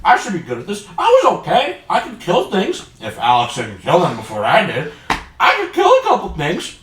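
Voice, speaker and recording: A man co-hosting a casual podcast with friends, recalling games in an animated way, with swearing. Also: a little high, moderate pace. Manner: animated retelling with swearing and laughs. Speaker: podcast co-host. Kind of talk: casual chat among friends. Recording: roomy echo, distant mic, faint noise.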